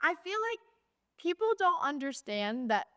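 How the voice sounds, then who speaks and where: A woman's voice: sits high, sing-song, a little slow, pushed and bright, no echo. Chatty woman host, dry close sound. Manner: chatty, enthusiastic, gushing reactions. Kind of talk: casual interview chat.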